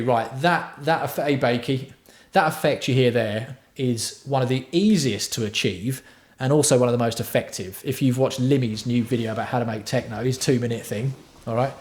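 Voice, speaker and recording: A man hosting a casual livestream tutorial on music production. He chats with his viewers and swears freely. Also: mid-range voice. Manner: chatty, swears freely, answers viewer chat.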